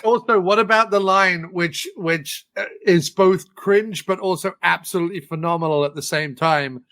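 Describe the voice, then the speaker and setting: Male podcast guest, raised pitch, dry close sound, thoughtful fan. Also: normal speed, fairly bright tone, dry recording. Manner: thoughtful, enthusiastic, many fillers. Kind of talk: casual film discussion.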